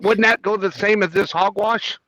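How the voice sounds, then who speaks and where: A man's voice: high voice, fairly even intonation, moderate pace, sharp tone. A man co-hosting a casual podcast, joking around and reading topics from a list. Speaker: podcast co-host. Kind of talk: casual chat.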